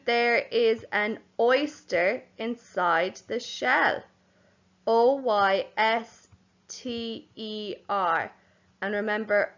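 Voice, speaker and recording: Slow, clear woman teaching children. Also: fairly high pitch, lo-fi sound. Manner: slow and clear, spelling words out letter by letter; gently addresses children as boys and girls. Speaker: primary school teacher. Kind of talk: home learning lesson for young children.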